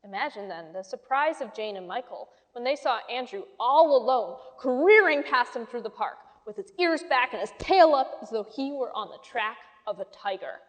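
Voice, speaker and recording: A woman reading a children's story aloud with lively, expressive storytelling. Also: fairly high pitch, normal speed, few pauses. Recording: long hall reverb.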